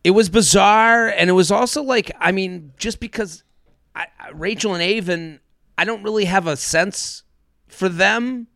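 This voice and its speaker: Male podcast co-host, gravelly, halting casual chatter, dry close sound. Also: high voice, pushed and bright, no echo. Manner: halting, many restarts and fillers. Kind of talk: casual chat.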